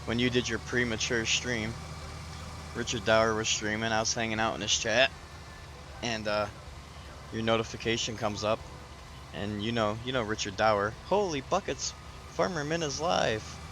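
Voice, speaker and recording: A man's voice: on the low side, level tone, moderate pace, long pauses, pushed and bright, poor audio. A man hosting a casual live stream, chatting with viewers by name and laughing often. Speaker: livestream host. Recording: background noise.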